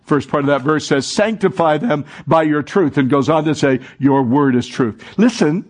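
A male pastor in a church sanctuary preaches and invites the congregation to respond and repeat his lines. His pitch is fairly high and his speed is normal.

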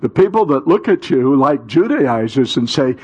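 A male pastor preaching a sermon with call-and-response, reading Scripture and rising to shouts. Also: medium pitch, sing-song, moderate pace, breathy edge, lo-fi sound.

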